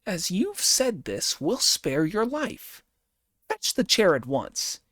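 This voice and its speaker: A brash, bossy monkey hero, as a male reader puts him on in a storybook reading, pitched far above the reader's own voice. His lines swing widely and are recorded dry and close. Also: huge pitch swings, takes it slowly, fairly bright tone, no echo, full character voice. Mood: stern. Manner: bossy, commanding.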